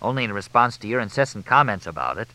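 A man's voice: on the low side, big pitch swings, fast talker, sharp tone. A man voicing a wry, joking young reporter in a dry, teasing way.

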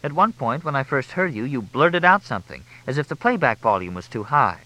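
A man's voice: mid-range voice, very animated, a little fast, sharp tone, voice pushed up, rough recording. A man voicing a curious woman who keeps pressing with questions. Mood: probing. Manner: questioning, insistent. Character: curious, probing woman at a dinner table.

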